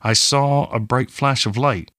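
Guy reading a grim tired fighter, talks through gritted teeth, slow, dry close sound. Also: medium pitch, a bit bright, no echo, close to an everyday voice. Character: grim weary male fighter, tired of running.

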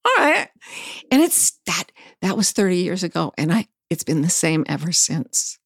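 A woman's voice: fairly low pitch, very animated, normal speed, slightly rough, no echo, clean studio sound. A middle-aged woman, an interview guest, telling personal stories candidly and frankly, now and then swearing. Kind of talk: personal storytelling in conversation.

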